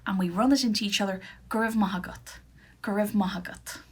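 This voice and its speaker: A woman with an Irish accent teaching beginner Irish phrases, slowly repeating each one for learners at home. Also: mid-range voice, slightly rough. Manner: slow careful repetition of phrases. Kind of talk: beginner Irish language lesson. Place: at home for an online video.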